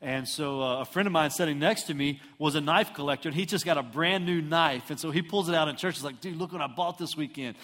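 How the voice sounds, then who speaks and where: Man, from Houston, preaching, self-mocking stories, slightly raised pitch, reverberant church hall. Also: fast, few pauses. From Houston, Texas. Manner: animated, self-mocking storyteller who acts out voices. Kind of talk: storytelling sermon.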